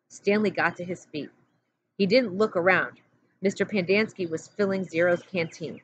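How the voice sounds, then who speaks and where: A woman teacher reading a chapter book aloud in a steady, plain narrating voice. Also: fairly low pitch, moderate pace. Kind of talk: storybook read-aloud. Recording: dull lo-fi audio with faint hum.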